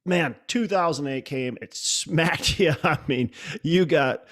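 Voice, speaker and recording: A man's voice: a little high, slow pace, fairly bright tone. A man hosting a podcast interview, talking in a conversational way with frequent restarts. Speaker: podcast host. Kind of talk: casual interview talk.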